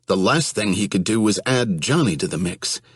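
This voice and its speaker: A man reading an audiobook in a steady, even storytelling manner. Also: on the low side, normal speed, slightly rough, no echo, clean studio sound. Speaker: audiobook narrator. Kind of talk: audiobook narration.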